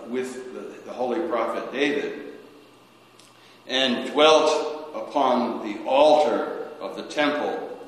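A man preaching a sermon as a priest, slow and halting, often restarting his sentences. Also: medium pitch, fairly bright tone. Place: church. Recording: echoey church with long reverb.

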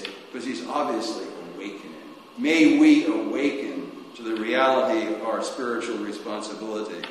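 A man delivering a sermon at an unhurried, deliberate pace, rising suddenly and then falling to a near murmur. His voice rings through a big echoey church with a long reverb tail, with a faint hiss in the background. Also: mid-range voice. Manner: slow, halting, with sudden rises and soft drops. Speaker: preacher.

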